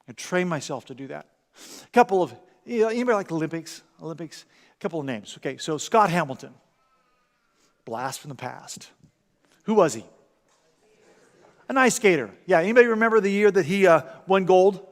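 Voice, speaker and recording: A man preaching a sermon in a church, animated, acting out everyday scenes and often repeating words. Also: high-pitched, a little fast, long pauses, big-room sound. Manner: animated, acts out parent and commercial voices, repeats words. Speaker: pastor. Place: church sanctuary.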